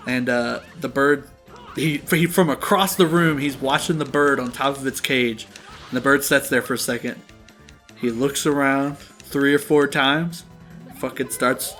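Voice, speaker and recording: A man's voice: medium pitch, a bit bright. A young man co-hosting a game playthrough, telling a story casually with lots of swearing and laughter. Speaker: let's play co-host. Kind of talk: casual gaming chat.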